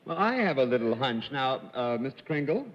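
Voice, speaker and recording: A man's voice: mid-range voice, sing-song, fairly quick. A man on a quiz panel, hedging and hesitating as he works up to a guess. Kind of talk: guessing-game questioning. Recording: lo-fi 1950s TV broadcast with hall reverb.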